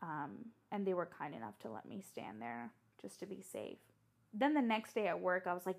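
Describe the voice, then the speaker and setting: A young woman telling a story in casual, chatty fashion, animated and full of fillers and restarts. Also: mid-range voice, normal speed, vocal fry.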